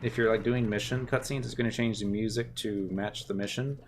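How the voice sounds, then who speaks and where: A man's voice: on the low side, fairly even intonation, a little fast, slight background noise. A man streaming a game, talking casually through it in rambling, muttered asides. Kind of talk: casual gameplay commentary. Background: faint game music.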